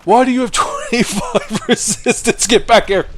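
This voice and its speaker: A man voicing a whiny, high-pitched knight who talks in a squeaky, indignant way. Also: big pitch swings, moderate pace.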